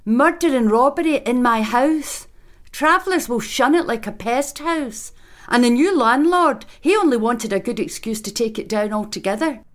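A man reading an audiobook voices a fretful, self-pitying inn landlady in a shrill, rustic, old-fashioned way. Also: animated, normal speed, fairly bright tone. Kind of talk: audiobook character voice.

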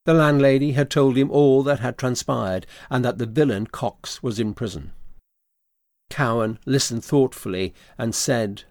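A man narrating a classic novel as an audiobook, with a steady, even storytelling delivery. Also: mid-range voice, unhurried, dry recording, studio quality.

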